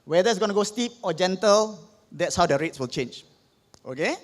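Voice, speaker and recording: A man's voice: high-pitched, lively intonation, moderate pace. A man with a Singaporean English accent giving an economics revision lesson, explaining step by step and checking in with "okay?" after most points. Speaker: economics tutor. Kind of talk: revision lecture. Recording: long hall reverb.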